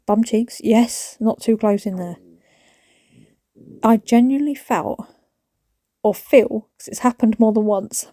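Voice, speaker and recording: A British woman in her thirties vlogs while decluttering her small home, talking casually to her phone camera and often sinking to a whisper as she rambles. Her warm voice is a little high, and she takes it slowly with frequent pauses. The studio-quality audio has no echo.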